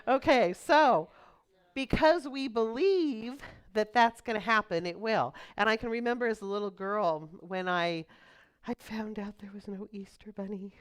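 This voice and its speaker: Middle-aged lady minister, smooth clear voice, easygoing sermon with little jokes. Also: mid-range voice. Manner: chatty, storytelling, quick asides. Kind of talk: conversational sermon.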